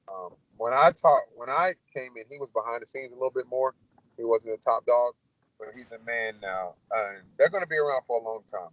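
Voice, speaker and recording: A man, a former fighter, telling his career stories in a blunt, animated, profane way. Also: medium pitch, no room sound, lo-fi sound. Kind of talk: casual storytelling Q&A.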